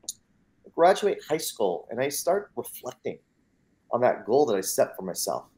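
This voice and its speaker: A man's voice: mid-range voice, sing-song, a little slow, a little mellow. An American man, a mindset coach, telling his personal story as an interview guest in an earnest, emphatic way, acting out the dialogue and often repeating words as he starts. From United States.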